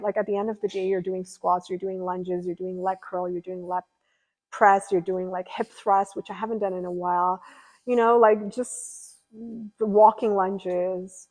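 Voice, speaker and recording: A young woman talking to her stream in a loose, rambling way, full of fillers and asides. She chats casually as she answers viewer comments, at an ordinary middle pitch. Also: poor audio. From California. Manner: chatty and rambling, lots of fillers. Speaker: livestreamer.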